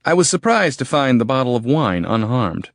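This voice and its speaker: A man narrating a first-person horror audiobook in a steady, terse storytelling manner, recorded close on a studio mic. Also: mid-range voice, normal speed, creaky, no echo.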